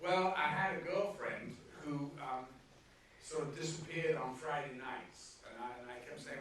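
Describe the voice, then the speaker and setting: A man from Liverpool spins lively stories at a live cinema Q&A, slipping into the voices of the people in them. His voice sits a little high for a man. He is heard from a distance in an echoey theater, with faint noise underneath. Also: measured pace. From Liverpool, England. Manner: lively storyteller who acts out quoted voices. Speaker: guest actor at a Q&A. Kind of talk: live stage Q&A anecdote. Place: cinema auditorium with audience.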